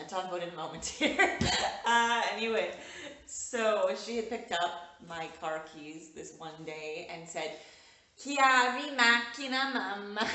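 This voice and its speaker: A woman's voice: lowish voice, a bit bright. A young woman vlogging casually to camera from home, rambling and laughing often. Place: indoors at home with window light. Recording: roomy echo, distant mic, faint noise.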